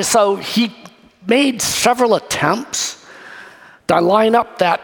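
A male pastor with a notably high voice preaches, spinning a story with lively, acted-out turns. His voice rings through a hall with a long reverb tail. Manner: lively storytelling, acts out scenes. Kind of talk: sermon.

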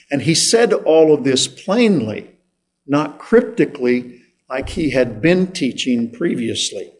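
A male pastor delivering a sermon at an unhurried pace. He speaks deliberately and leans on pauses to land each point. His voice sits in an ordinary middle register. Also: mid-range voice. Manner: slow, deliberate preaching with emphatic pauses.

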